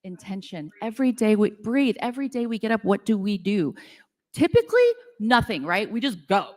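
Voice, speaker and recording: At a women's business event, a middle-aged woman with a medium-pitched, slightly mellow voice swings widely in pitch at a moderate pace. Her stories to the conference-room audience are casual, self-deprecating and loaded with "like," echoing with a hall's long reverb.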